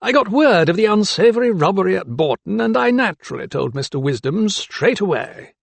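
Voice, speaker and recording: A man voicing a sly older male magistrate who mocks with slow, relishing speech. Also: high-pitched, animated, vocal fry, no echo, voice pushed up, full character voice. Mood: smug. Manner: drawn-out, relishing delivery. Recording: dry close studio sound.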